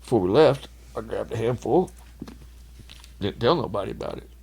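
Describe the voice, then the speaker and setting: Gravelly man spinning wild stories. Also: lowish voice, expressive, moderate pace. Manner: rambling, laughs often, loud when acting out others. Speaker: podcast guest. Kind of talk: casual storytelling chat.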